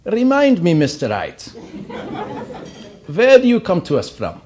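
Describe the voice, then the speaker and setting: A man's voice: high-pitched, huge pitch swings, measured pace, darkish tone, a little hiss or hum, voice pushed up, heavily acted. A man voicing a stern elderly woman college dean who questions him in a dry, formal way.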